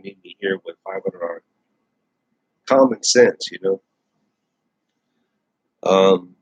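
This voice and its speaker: The host, a man with a husky, medium-pitched voice, rants bluntly to camera in a casual way, repeating himself and restarting phrases. The recording is dull, lo-fi and dry, with no echo.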